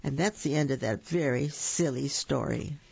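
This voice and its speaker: Storyteller reading picture books, sing-song, gravelly, dull dry lo-fi recording. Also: medium pitch, normal speed. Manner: lively, sing-song with many slips.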